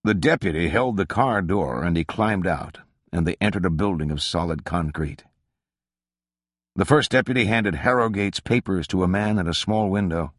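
A man narrating a literary novel as an audiobook, in a measured, even reading. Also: low-pitched, no echo, studio quality.

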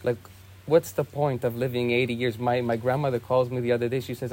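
A young man, a monk, telling a saint's story in a relaxed, casual way with lots of "you know" and "like". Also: medium pitch, brisk. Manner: easygoing, many fillers like "you know" and "like".

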